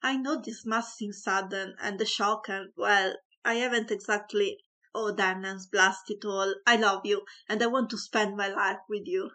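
Woman doing a flustered, lovesick young gentleman. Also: mid-range voice, fairly even intonation, moderate pace, natural voice. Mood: earnest. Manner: stammering, earnest declarations.

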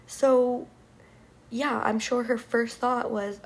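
A woman's voice: on the high side, a little slow. A young woman telling a frustrated, profane storytime rant to her viewers, full of "like" and swearing. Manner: frustrated, profane, filler-heavy with many "like"s. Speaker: vlogger.

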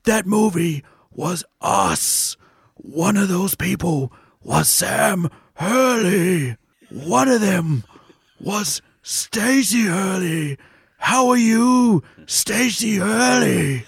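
A man voicing a creepy, raspy horror-film double, telling the intro like a slow, ominous fairy tale. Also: high voice, animated, dry recording, studio quality, voice pushed up, exaggerated voice. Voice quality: gravelly, slow and creaky. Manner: drawn-out, ominous storybook delivery.

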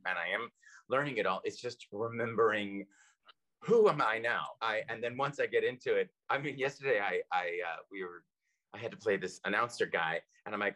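A male stage actor with a somewhat low voice chats animatedly about his craft. He pokes fun at himself, and his delivery stays light and jokey. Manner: animated, self-deprecating, jokey. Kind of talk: casual interview chat.

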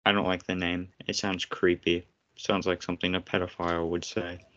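Blunt deep-voiced man, teasing. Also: flat delivery, normal speed, noisy background. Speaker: podcast co-host. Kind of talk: casual chat. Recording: slightly muffled podcast audio.

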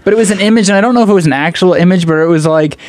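A man co-hosting a casual podcast chat, bantering quickly with restarts. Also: high-pitched, a loud crowd. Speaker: podcast co-host.

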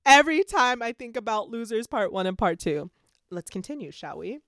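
Giggling and swearing without restraint, a female podcast host chats casually about a book and reads from it. She speaks at normal speed in a slightly high, somewhat bright voice with big pitch swings, in a dry, clean studio recording.

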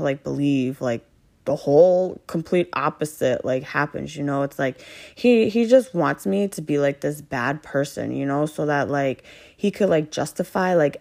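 A woman with a low, dusky voice talking straight through an unscripted monologue. She rambles, crams in filler words and swears freely, with an exasperated edge and plenty of rhetorical questions. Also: creaky, a little mellow. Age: adult with children. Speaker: vlogger venting about her partner.

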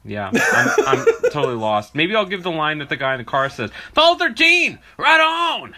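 A man co-hosts a casual podcast, teasing his friends and laughing. His voice is bright and swings widely in pitch. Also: sing-song, fairly quick. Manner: joking, teasing, laughs often. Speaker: podcast co-host.

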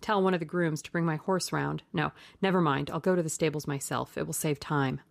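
A woman voicing a young English gentleman who talks languidly, then sharply and urgently. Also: low voice, fairly even intonation, fairly quick, gravelly, no room sound.

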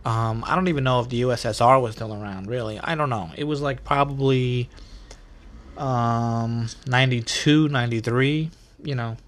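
A man's voice: mid-range voice, moderate pace. A man in his thirties with a New York accent, hosting a podcast and telling stories in a chatty, profane manner with bro slang. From New York City, USA. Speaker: podcast host. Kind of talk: casual storytelling monologue.

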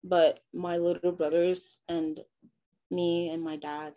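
A young woman from Nigeria, giving a halting personal testimony full of fillers and restarts. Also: on the low side, little pitch movement, mellow, lo-fi sound. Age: young adult. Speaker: interviewee.

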